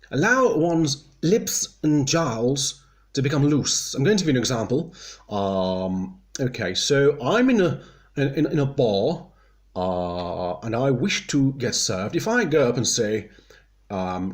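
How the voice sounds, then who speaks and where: A man giving a mock guide in a prim, genteel voice, dryly condescending and deadpan. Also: mid-range voice. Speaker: comedian presenting a mock guide. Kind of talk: deadpan mock instructional comedy.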